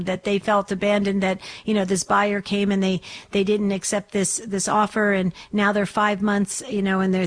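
A woman hosting a live call-in radio show, effusive and affirming, with many restarts. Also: medium pitch.

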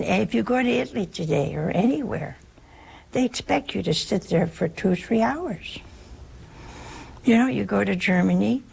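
A woman gives an informal spiritual talk, her voice gravelly and deeply husky, with a lot of rough grain. She keeps it chatty and humorous and acts out snippets of dialogue as she goes. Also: darkish tone. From United States.

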